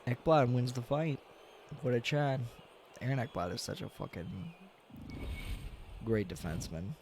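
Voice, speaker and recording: A young man streaming a hockey video game, casually commenting, swearing a lot and yelling at big plays, tired and yawning. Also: medium pitch, measured pace, a little hiss or hum. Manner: excitable, swears often, yells at big plays. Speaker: gaming streamer.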